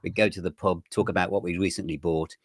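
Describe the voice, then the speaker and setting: A man, a magazine editor, chatting as an interview guest and telling his story in a relaxed, rambling way. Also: low-pitched, fast talker, dry recording, clean studio sound. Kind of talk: casual interview chat.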